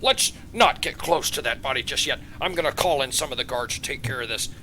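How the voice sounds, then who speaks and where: A man's voice: mid-range voice, lively intonation, brisk, bright, forceful tone, slight background noise. A man voicing a flustered, doting king who stammers over a princess daughter in a tabletop game.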